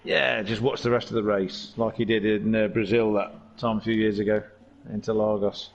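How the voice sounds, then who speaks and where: A man's voice: on the low side, flat delivery, moderate pace, lo-fi sound. Chatty, jokey male race commentator. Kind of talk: casual sim racing commentary.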